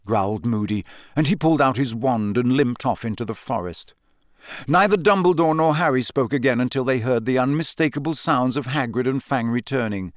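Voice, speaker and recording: A man narrating an audiobook in an expressive, varied voice. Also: medium pitch, no room sound, studio quality.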